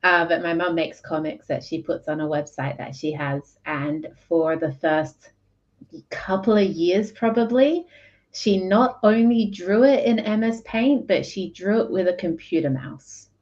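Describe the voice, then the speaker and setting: A woman chatting on a video call, rambling and hesitant, quick to laugh. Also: on the low side, darkish tone. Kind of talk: casual live-stream chat. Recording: dull lo-fi call audio.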